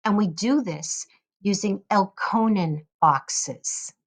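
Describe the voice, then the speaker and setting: A woman giving an instructional lesson, carefully modeling sounds in a slow, deliberate way. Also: mid-range voice. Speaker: teacher educator.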